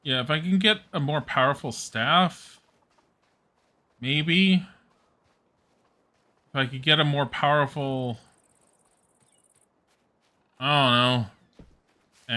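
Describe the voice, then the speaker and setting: Game streamer, male, slow-paced self-talk, sharp bright tone, grumbles and curses at setbacks. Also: fairly high pitch. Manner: mutters to himself, swears and groans at setbacks. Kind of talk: casual gameplay commentary.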